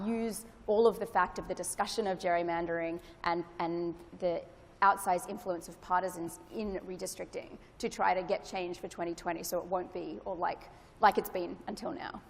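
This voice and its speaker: A woman with an Australian accent giving an earnest, hopeful conference presentation with frequent fillers. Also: fairly low pitch. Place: large conference hall. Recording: reverberant lecture hall.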